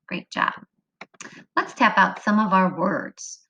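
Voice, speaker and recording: A woman teaching a phonics lesson to young children, slow and sing-song, drawing words out. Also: medium pitch, bright, forceful tone, a little hiss or hum, low-quality recording. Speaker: kindergarten teacher.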